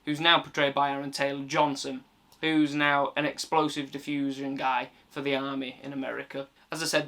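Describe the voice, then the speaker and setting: A man's voice: a little high, sharp tone. A man giving a casual film review, recounting the plot in a chatty way and swearing freely.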